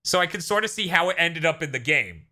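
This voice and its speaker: A man co-hosting a casual gaming podcast, animated, often laughing and slipping into silly voices. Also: a little high, fast, slight background noise. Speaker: podcast co-host.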